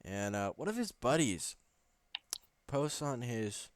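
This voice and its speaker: A man's voice: medium pitch, very animated, slow, dry recording. A young man co-hosting a casual podcast as a hockey coach, joking as he reads posts aloud.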